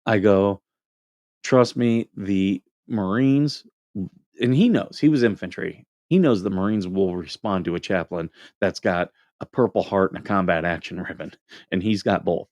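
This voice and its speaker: A man's voice: deep voice, brisk, darkish tone, dry recording. Joking man telling barracks stories. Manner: joking storyteller, laughs at own anecdotes. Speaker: livestream host, Marine veteran. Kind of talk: casual livestream chat reading comments.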